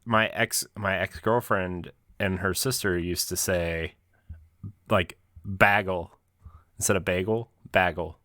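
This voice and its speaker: A man hosting a casual podcast chat, tossing off quick, wry quips. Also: deep voice, fairly even intonation, a bit bright, no room sound, clean studio sound. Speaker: podcast host.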